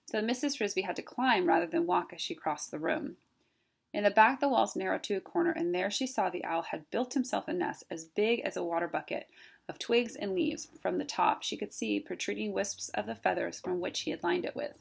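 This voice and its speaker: A woman, a teacher, reading a chapter book aloud in a plain, steady way. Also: medium pitch, brisk, vocal fry, slightly rough. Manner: plain, steady reading with some self-corrections.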